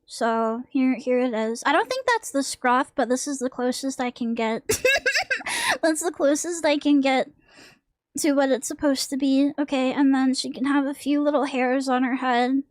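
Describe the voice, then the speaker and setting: Young woman streamer, high voice, slow rambly crude chat, dry close mic. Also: expressive, dry recording. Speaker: vtuber streamer. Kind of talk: casual stream chat while drawing.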